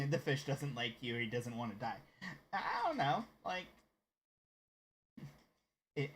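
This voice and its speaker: A man's voice: mid-range voice, expressive, slow, pauses often, a bit bright, breathy edge. An American man with a slight Southern accent who streams games and chats casually with his viewers. He rambles and hesitates as he talks. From United States. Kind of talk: casual live-stream chat.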